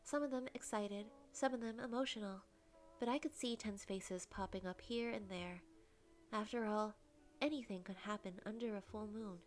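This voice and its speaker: A young woman with a soft, breathy voice reading a visual novel aloud in first person as a game streamer. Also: mid-range voice, normal speed, faint music behind.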